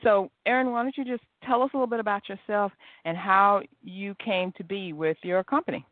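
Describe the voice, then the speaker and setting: A woman's voice: medium pitch, steady tone, a little fast, no room sound. A woman hosting a podcast interview, chatty and enthusiastic, laughing often. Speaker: podcast host. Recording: dry phone-line audio.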